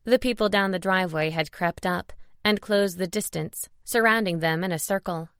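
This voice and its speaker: A woman narrating a novel audiobook in a steady, expressive reading. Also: lowish voice, moderate pace, few pauses, clean tone, dry recording, studio quality. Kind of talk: scripted narration.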